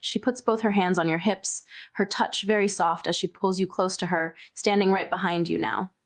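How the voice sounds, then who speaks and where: A woman's voice: lowish voice, steady tone, normal speed, close to an everyday voice. A synthetic woman voicing a bossy, teasing chatbot girlfriend. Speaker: AI companion voice. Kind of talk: text-to-speech role-play narration.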